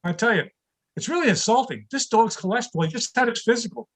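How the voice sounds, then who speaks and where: An older man doing a stand-up comedy routine over a video call, delivering deadpan one-liners about his home life. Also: very high-pitched, fast talker, low-quality recording.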